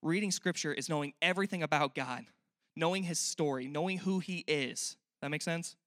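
A man's voice: a little high, brisk, a bit bright, dry recording, clean studio sound. A young man preaching a sermon in a church, earnest and conversational, often asking the listeners questions. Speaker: pastor.

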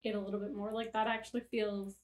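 A woman co-hosting a podcast in casual book chat, chatty and quick to laugh, with rambling asides. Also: medium pitch, flat delivery, echoey room. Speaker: podcast co-host.

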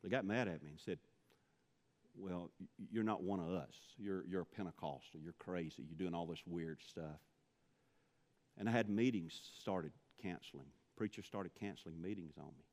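Deep-voiced preacher in a reverberant hall. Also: male voice, normal speed, a little mellow. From Mississippi. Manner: storytelling, rising to impassioned pleading. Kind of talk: sermon.

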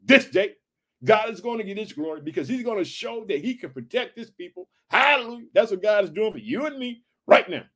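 A man with a notably high voice for his sex reads scripture aloud, then breaks into fervent sermon commentary. He swings between loud exclamations and soft, hushed asides. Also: very animated, a little fast. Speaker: preacher. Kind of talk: Bible reading with fervent commentary.

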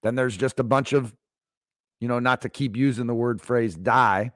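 A man's voice: mid-range voice, normal speed, fairly bright tone, no room sound, studio quality. A man in his fifties hosting a leadership podcast, talking in an emphatic motivational monologue that repeats key phrases for effect. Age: 50s. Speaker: leadership coach, podcast host.

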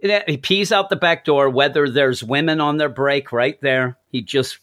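A man's voice: mid-range voice, moderate pace, a bit bright. Rambling, chuckling middle-aged man. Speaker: podcast co-host. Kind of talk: casual chat.

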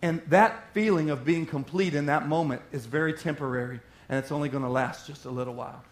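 A man preaching a sermon in an animated way, slipping into little acted-out voices of everyday people. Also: a little high, brisk. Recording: roomy echo.

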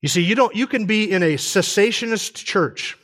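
A man's voice: high voice, animated, moderate pace, a bit bright. A man speaking at a conference in a church, arguing his point emphatically in a sermon. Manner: emphatic, argumentative.

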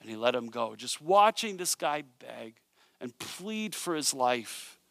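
A man preaching a sermon, retelling a parable in an animated storytelling way with joking asides. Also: medium pitch, unhurried, vocal fry, no echo, clean studio sound. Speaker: pastor.

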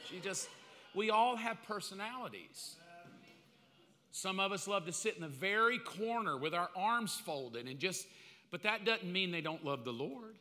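A man preaching a sermon with comic asides, bursting into loud acted-out calls now and then. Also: sits high, a little slow. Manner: comic, animated, acts out quotes in loud bursts. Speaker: pastor. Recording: long hall reverb.

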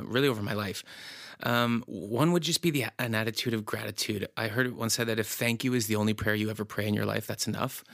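A man on church staff talking about his prayer life in a relaxed, reflective podcast conversation. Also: lowish voice, no room sound, studio quality.

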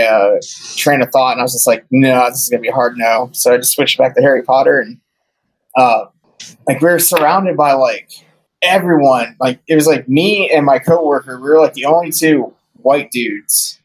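A man's voice: medium pitch, normal speed, poor audio. A man telling travel stories in casual chat, rambling with lots of fillers.

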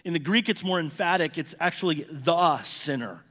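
Male pastor, high voice, earnest sermon delivery with repeated words, long hall reverb. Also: fast talker, bright, forceful tone. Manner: earnest, repeats words when stressing a point.

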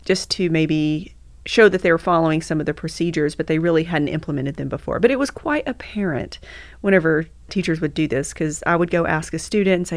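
Low-voiced woman education administrator. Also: no echo. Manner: measured, explanatory. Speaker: school improvement coordinator, guest. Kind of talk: conversational interview.

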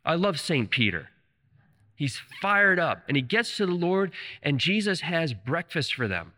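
A man's voice: a little high, very animated, a little slow, sharp tone, in a large hall. A man preaching a sermon, retelling scripture stories with fervent enthusiasm.

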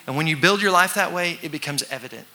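A man preaching a sermon to a congregation, talking conversationally, acting out voices and sometimes shouting for effect. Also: on the high side, fast talker. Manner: conversational with congregation call-and-response. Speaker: pastor.

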